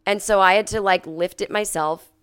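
Woman podcast host, sick at home, smooth mid-pitched voice, lively storyteller who acts out quotes. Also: normal speed. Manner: animated, acts out quoted people in a raised voice. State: sick, coughing and clearing her throat. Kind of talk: casual storytelling monologue.

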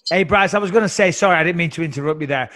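A man's voice: fairly high pitch, racing, fairly bright tone, no echo. A man hosting a podcast, chatty, rambling and profane in a casual interview. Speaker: podcast host.

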